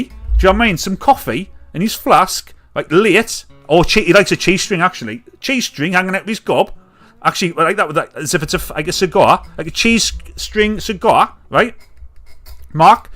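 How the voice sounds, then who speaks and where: A British man hosting a live comedy stream, ranting casually with jokes and loud mimicked honks. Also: sits high. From United Kingdom. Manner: chatty, jokey, mimics catcallers with loud honks and whoops. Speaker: livestream comedy show host.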